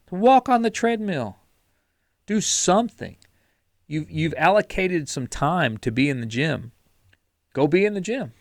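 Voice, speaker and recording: Gravelly guy on a podcast, blunt and a bit profane, dry close sound. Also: fairly high pitch, animated, unhurried, dry recording. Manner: blunt, mildly profane, repeats words when restarting. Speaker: podcast co-host. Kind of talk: casual motivational chat.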